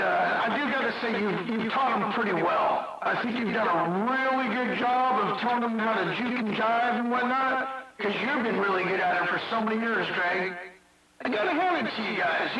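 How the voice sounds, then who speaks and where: A man mocking and taunting another operator in CB radio banter, repeating his jabs. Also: extremely high pitch. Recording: far-off echoey noisy CB radio.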